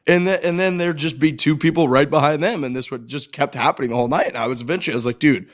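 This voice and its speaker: A man's voice: fairly high pitch, quick pace. Podcast guy telling a bar story, loose and laughy. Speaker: podcast co-host. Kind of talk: casual chat.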